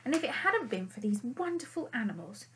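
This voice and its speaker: A woman reading an audiobook and voicing a gentle young female fox who speaks in an earnest, pleading way. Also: fairly high pitch, very animated, brisk, a little hiss or hum.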